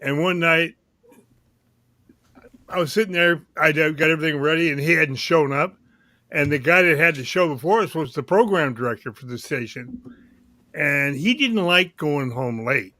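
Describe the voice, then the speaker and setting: A man's voice: on the high side, normal speed, sharp tone, dry recording. A man who used to work in radio, telling a self-deprecating story in casual chat. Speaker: guest, former radio DJ.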